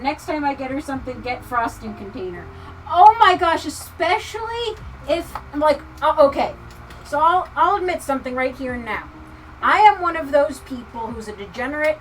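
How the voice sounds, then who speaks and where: A woman livestreamer chatting casually with viewers, ranting with profanity and swinging from muttering to near-shouting. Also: high voice, far from the mic, a little hiss or hum, poor audio. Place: home craft room. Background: soft lofi music.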